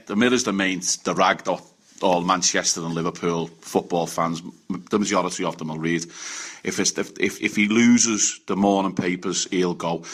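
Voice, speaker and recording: A man's voice: low-pitched, fairly bright tone. A man co-hosting a football chat, forthright and opinionated. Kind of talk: football talk.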